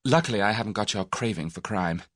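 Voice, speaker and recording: A man voicing a spirited, excitable young Englishwoman in an audiobook of a mystery novel. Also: fairly low pitch, fast, no room sound, clean studio sound. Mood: lively. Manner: eager, excitable.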